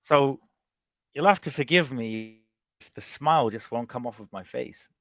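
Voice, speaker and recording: A man's voice: medium pitch, normal speed, highs cut off, slight background noise. A man talking casually and animatedly as a panelist on a boxing chat show, often restarting his sentences. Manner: animated, rambling, with many restarts.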